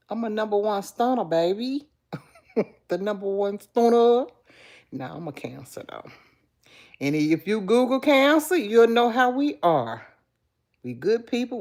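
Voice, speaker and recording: A woman's voice: medium pitch, a little mellow. A middle-aged woman hosting a casual live stream, talking straight to viewers and answering chat comments. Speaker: livestream host.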